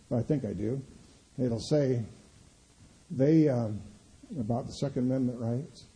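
A middle-aged man preaching a sermon as pastor, swinging between loud emphatic declarations and quiet low asides. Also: vocal fry, poor audio.

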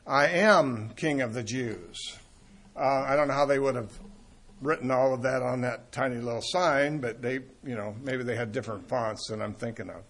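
An older man teaching a Bible sermon in a conversational way, asking his listeners questions and pausing on fillers as he thinks. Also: fairly high pitch, a bit bright. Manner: conversational, asks the audience questions, frequent fillers. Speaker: preacher.

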